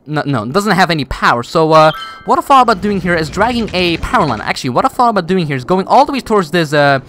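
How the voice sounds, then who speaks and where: A man's voice: on the high side, a bit bright. A man giving casual gameplay commentary, rambling with many fillers and restarts while he builds. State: voice cracks. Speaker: gaming YouTuber.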